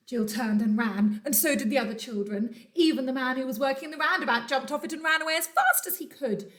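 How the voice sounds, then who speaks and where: A woman teacher reads a children's story aloud from home with animated, dramatic storytelling. Her voice sits a little high. She swings between hushed and lively as she tells it. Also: a little fast, few pauses. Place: at home during lockdown.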